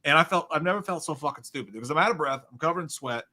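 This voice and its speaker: A man co-hosting a live stream, telling animated anecdotes in casual chat and acting out the people in them. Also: a little high, rapid-fire. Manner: animated storyteller who acts out the people in his stories. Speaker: podcast co-host.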